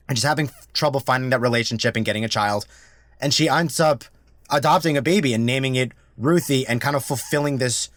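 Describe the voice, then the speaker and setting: A man co-hosting a casual review podcast, talking earnestly with halting restarts. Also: medium pitch, a bit bright, no room sound, studio quality. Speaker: podcast co-host.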